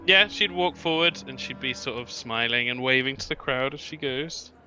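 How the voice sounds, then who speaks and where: A man's voice: mid-range voice, moderate pace, pushed and bright, faint music behind. A man playing a tabletop game, casually describing what his character does. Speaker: player.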